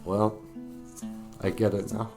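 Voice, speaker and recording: A man's voice: on the low side, level tone, takes it slowly, creaky, music in the background. A middle-aged man hosting his own vlog, rambling about art, laughing often and getting choked up with emotion. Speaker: vlogger host. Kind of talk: casual vlog commentary.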